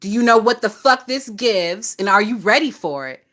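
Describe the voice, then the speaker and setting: A woman hosting a casual gossip livestream, talking in a lively, profane way and laughing often. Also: medium pitch, moderate pace. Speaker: livestream host.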